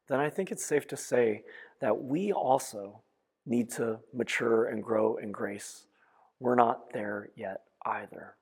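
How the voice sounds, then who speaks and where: A man preaching a sermon, retelling a story in a reflective way that swings between soft and emphatic. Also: medium pitch, gravelly, husky. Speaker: pastor. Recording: long echoing reverb.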